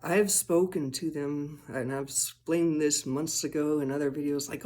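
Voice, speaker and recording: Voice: medium pitch, unhurried, warm tone. A person talking casually to camera in a rambling, profane vlog monologue, chuckling often and trailing off mid-thought. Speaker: vlogger.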